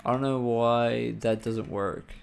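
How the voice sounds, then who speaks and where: Streamer guy, gravelly voice, slow drawl, mutters and swears over keyboard clatter. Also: medium pitch. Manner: muttering to himself, swearing, excitable bursts. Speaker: livestreamer coding a game. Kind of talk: casual live-coding stream talk.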